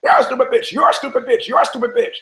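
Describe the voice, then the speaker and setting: A man's voice: very fast, pushed and bright, roomy sound, slight background noise. A man voicing an insolent, foul-mouthed pet parrot that squawks the same insult over and over, in a joke he tells. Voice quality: shrill, repetitive squawk.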